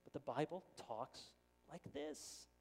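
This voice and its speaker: A middle-aged man preaching a sermon as pastor, earnest and animated, with quick stammered restarts. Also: medium pitch. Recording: long reverb of a church hall.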